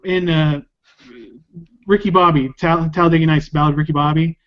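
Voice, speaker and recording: A man with a notably high voice, co-hosting a casual podcast and cracking jokes. He riffs playfully on movie lines. The sound is dull and lo-fi. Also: steady tone, brisk. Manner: jokey, quotes movies in silly voices. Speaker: podcast co-host.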